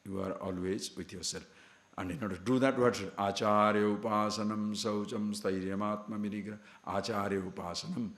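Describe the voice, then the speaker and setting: A man's voice: lowish voice, steady tone, fairly quick, fairly bright tone, echoey room. A man giving a scripture discourse to a class as a spiritual teacher, emphatic and full of rhetorical questions.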